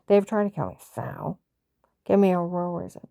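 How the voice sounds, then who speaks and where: A woman's voice: lowish voice, animated, normal speed, creaky, warm tone, dry recording. A woman telling a personal story in a rambling, agitated monologue, often reenacting conversations and repeating herself. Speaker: vlogger recounting a personal story.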